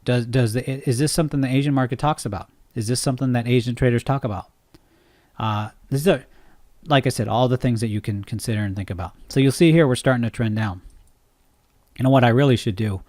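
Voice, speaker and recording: Fast and mid-range with a darkish tone, this man's voice guides an unscripted trading tutorial over screen share. His delivery rambles and breaks off mid-thought, with repeated "right?" check-ins to listeners. The studio sound is clean, with no echo.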